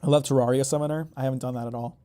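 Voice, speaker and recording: Mellow-voiced man chatting through a stream. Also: medium pitch, steady tone, rapid-fire. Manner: rambling, joking, profane, thinking aloud. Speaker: game streamer. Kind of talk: casual live-stream gaming commentary.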